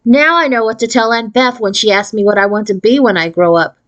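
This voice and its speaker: A woman's voice: fairly high pitch, a little fast, a bit bright, natural voice. A woman voicing a sporty, cool-headed fifth-grade girl who likes to tease, in a storybook read aloud. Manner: cool and teasing.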